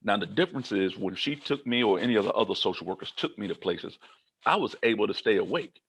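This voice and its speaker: A man from Kentucky giving a humorous motivational keynote, telling his own story in an animated style and acting out the dialogue. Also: lowish voice, fast, husky. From Kentucky, United States. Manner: animated, comic, acts out dialogue.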